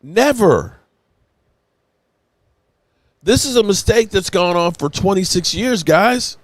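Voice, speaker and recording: Sports-channel host, male, a bit tipsy, emotional and rambling, slightly high voice, dry close sound. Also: slow pace, dry recording. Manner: excited, rambling, emotional, swears freely. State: tipsy from rum. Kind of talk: live-stream reaction.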